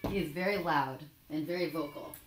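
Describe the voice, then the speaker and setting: A woman hosts a live stream in a casual, chatty voice that sits a little low. She reads viewer comments aloud and answers them with sarcastic asides. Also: fairly quick, noisy background. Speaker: talk show host reading live chat.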